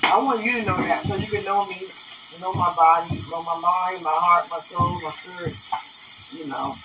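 A woman's voice: fairly low pitch, fairly even intonation, normal speed, music in the background, rough recording. A woman hosting a podcast, talking in a rambling, emotional way and laughing often as she speaks to someone who isn't there. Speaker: podcast host. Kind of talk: casual spoken monologue.

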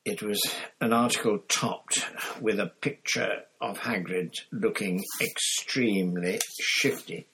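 A man narrating a story in a measured storytelling manner, voicing each character. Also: lowish voice, sharp tone, slightly rough, rough recording. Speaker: audiobook narrator. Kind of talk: scripted narration.

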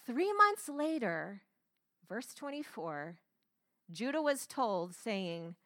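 A woman's voice: fairly high pitch, sing-song, slow pace, bright, forceful tone, no echo, clean studio sound. A woman pastor preaching a sermon, telling the story dramatically and acting out the quotes.

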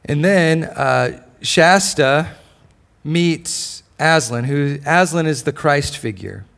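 A male pastor preaching a sermon, swinging between loud declarations and soft, close lines. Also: fairly high pitch, slow, vocal fry.

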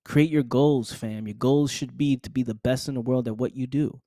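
A man's voice: medium pitch, fairly even intonation, moderate pace, dark tone, no echo, clean studio sound. A man hosting a podcast, delivering a preachy motivational monologue straight to the listener, repeating phrases and calling them "fam.". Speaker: podcast host.

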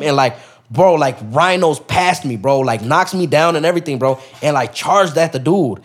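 A man's voice: medium pitch, brisk. A young man, a podcast guest, telling a story in casual street slang, full of profanity and acted-out quotes.

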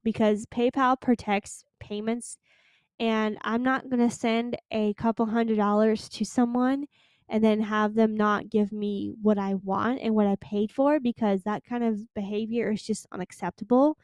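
Teen girl, podcast host, casual solo chat, earnest and pleading, fairly high voice, dry close sound. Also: steady tone, measured pace, a little mellow, clear, resonant tone, dry recording.

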